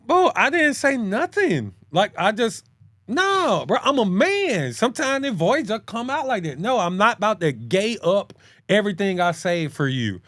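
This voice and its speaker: A man co-hosting a casual chat, talking in slang, calling his listener bro, and jumping up in pitch to press his points. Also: normal speed, no room sound, studio quality. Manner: animated, swings his pitch high when making a point. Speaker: podcast co-host.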